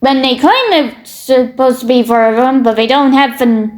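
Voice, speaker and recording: A woman's voice: high-pitched, normal speed. A woman from Britain with a Canadian-sounding accent, reacting to social media posts with blunt, opinionated remarks, swearing freely and stumbling over repeated words as she starts her thoughts. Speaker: commentary streamer.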